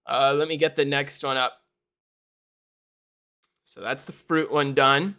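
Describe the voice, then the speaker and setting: A man's voice: medium pitch, fairly even intonation, takes it slowly, bright, forceful tone, clean tone. A young man chatting casually on a live stream, rambling and laughing often. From Canada. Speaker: livestreamer.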